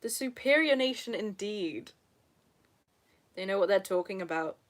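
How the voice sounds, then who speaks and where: A woman's voice: mid-range voice, animated, moderate pace. A young woman from England with a British accent, chatting casually and self-deprecatingly on a live stream from her sofa at home, laughing often as she reads the chat. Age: young adult.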